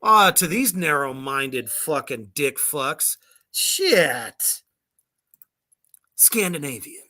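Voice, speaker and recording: A sarcastic woman co-host reads and tears apart a music list in casual, profane chat. Her voice is bright and swoops up and down. She takes her time and laughs easily. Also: low-pitched, lively intonation, drawn-out words. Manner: sarcastic, swears freely, laughs often.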